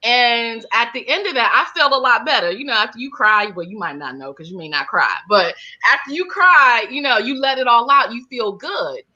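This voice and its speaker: A woman speaks as an interview guest in a bright, clear-edged voice. She talks casually and animatedly, full of fillers. The recording sounds slightly muffled and lo-fi. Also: fairly high pitch, moderate pace, few pauses. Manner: animated, many fillers like "like" and "you know". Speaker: guest, holistic healer and counselor. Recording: dull lo-fi sound.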